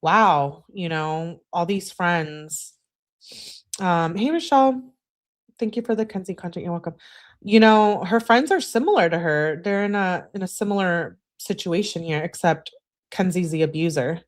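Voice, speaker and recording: A woman's voice: on the low side, lively intonation, measured pace. A woman hosting a true-crime livestream in casual commentary, answering chat with sarcastic, exasperated asides. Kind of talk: casual live-stream commentary.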